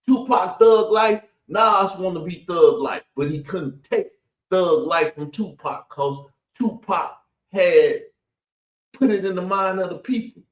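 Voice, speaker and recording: A man's voice: sits high, takes it slowly, reverberant, poor audio. A man hosting a rambling commentary video, talking in a combative, colloquial and repetitive way. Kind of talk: rambling commentary on played clips.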